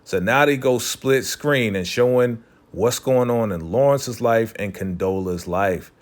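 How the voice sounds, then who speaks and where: A man's voice: medium pitch, a little slow. A man casually recapping a TV episode, loose and chatty, filling his talk with "you know" and "right?" and briefly voicing characters as he retells scenes. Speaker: TV recap host.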